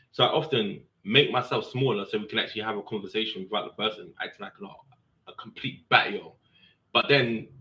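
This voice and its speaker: Guy telling a work story, acts out the quotes, bright voice, kinda dull lo-fi sound. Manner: animated, acts out quotes with raised pitch. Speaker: serving police officer telling a story. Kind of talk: casual storytelling monologue.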